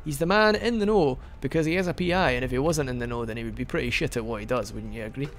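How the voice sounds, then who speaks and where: Guy rambling thru a let's play, jokey, gravelly voice, mid pitch. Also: fast talker, fairly bright tone, a little hiss or hum. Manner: rambling, joking, with frequent restarts. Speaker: gaming video host. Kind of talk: casual let's-play commentary.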